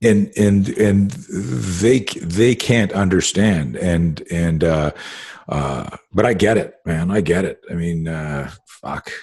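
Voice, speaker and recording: A man's voice: low voice, slow, a little mellow, slightly rough, dry recording. A middle-aged man in casual conversation as a podcast host, rambling through stories with lots of fillers and swearing.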